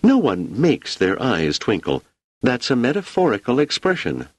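A sharp, indignant woman, as a male narrator puts her on, pitched far above a deep reading voice and bouncing with lively inflection. She fires off skeptical questions in a dry, close recording from a spoken novel. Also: normal speed, dry recording.

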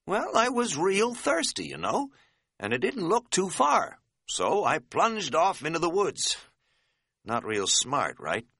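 A man's voice: high-pitched, wildly swooping pitch, slow pace, a bit bright, husky, dry recording, studio quality, pitched above the performer's own voice, exaggerated voice. A man voicing a rambling, folksy hiking buddy. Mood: rueful storytelling. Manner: folksy, rambling, self-mocking drawl. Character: scatterbrained middle-aged male hiking buddy, folksy and rambling. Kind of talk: audiobook character voice.

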